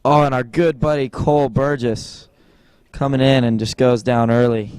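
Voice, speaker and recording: A man's voice: mid-range voice, normal speed, clear, resonant tone, dry recording. A man giving joking live commentary on a water ski tournament, with a wry, teasing delivery. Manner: wry, teasing, deadpan jokes.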